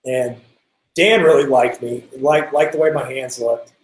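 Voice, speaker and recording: A young man telling a drumming story in a casual interview, animated and quick to act out what others said, over a video call. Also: mid-range voice. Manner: animated, lots of restarts, quotes people in acted voices. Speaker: guest drummer. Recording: roomy echo.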